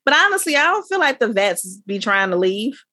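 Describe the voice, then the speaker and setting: A woman's voice: a little high, very animated, brisk, bright, forceful tone, no echo. Female co-host, conversational and direct, dry close recording. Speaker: podcast co-host recapping a reality show. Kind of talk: casual chat.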